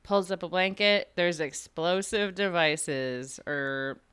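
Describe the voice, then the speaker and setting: A woman's voice: on the low side, slow pace, a bit bright, smooth. A woman in her thirties co-hosting a podcast, recapping a TV episode in casual chat with dry, wry asides. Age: 30s. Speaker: podcast co-host.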